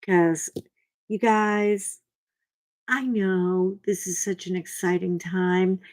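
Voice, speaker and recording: Older woman host, slow unhurried talker, chatty and self-mocking, clip-on mic. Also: fairly low pitch, steady tone, dry recording, rough recording. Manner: chatty, rambling and self-deprecating. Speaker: craft channel host. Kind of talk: casual chat to camera. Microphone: clip-on mic that keeps bumping.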